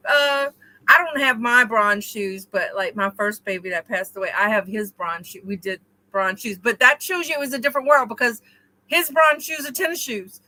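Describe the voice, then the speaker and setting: A woman co-hosting a casual chat between friends, telling animated stories and addressing listeners casually. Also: fairly high pitch, moderate pace, no room sound, rough recording. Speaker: co-host.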